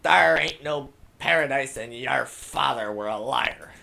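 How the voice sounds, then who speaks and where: A man voicing a sneering pirate villain from a child's storybook, in a loud strained epic voice, a bit off the mic. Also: medium pitch, a little slow, creaky, pitched above the performer's own voice, full character voice.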